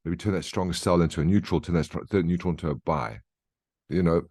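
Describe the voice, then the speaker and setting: A man with a notably low voice talks through his trades as a chatty market briefing. He explains each step in an easygoing, conversational way and keeps checking in with short questions. The recording is dry and close, with almost no room sound. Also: steady tone, a little fast, a little mellow, husky, dry recording. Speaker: trading educator. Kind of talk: market briefing over charts.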